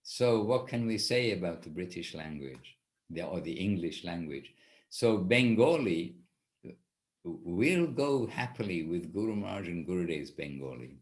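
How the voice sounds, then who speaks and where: A man's voice: sits low, animated, unhurried. A man teaching an informal class, talking in a rambling way and often correcting himself. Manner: rambling, self-correcting, with restarts. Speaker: spiritual teacher leading a class.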